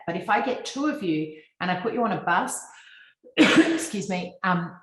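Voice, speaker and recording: An Australian woman presents to a business audience over a video call. Her voice sits low, and it carries a roomy echo. She talks fluently and instructively, with frequent ums. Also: lively intonation, moderate pace. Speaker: guest speaker on personal branding.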